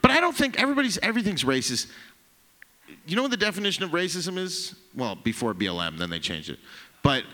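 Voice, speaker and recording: A brash, profane man works a comedy club crowd in a bright, forceful voice. His pitch swings widely as he teases the audience. The long reverb of the room hangs behind him, with a faint hiss. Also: sing-song, quick pace. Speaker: stand-up comedian. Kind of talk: stand-up set with crowd work.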